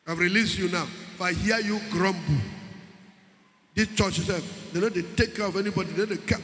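A man with a Nigerian accent preaching a sermon to his church, mixing in pidgin and rising to shouts. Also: high-pitched, fairly even intonation, fairly quick, slight background noise. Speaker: pastor. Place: church hall. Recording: echoey church hall with long reverb.

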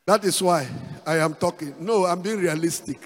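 A man's voice: high-pitched, normal speed, slight background noise. A man with a Nigerian accent preaching a sermon as pastor, repeating words and dropping in asides like "praise the Lord". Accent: Nigerian English. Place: church hall. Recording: reverberant church hall with faint music.

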